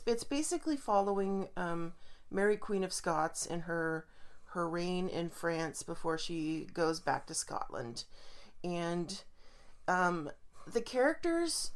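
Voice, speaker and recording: Lower-voiced chatty female podcast co-host. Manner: chatty, rambling, frequent ums and likes. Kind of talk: casual chat.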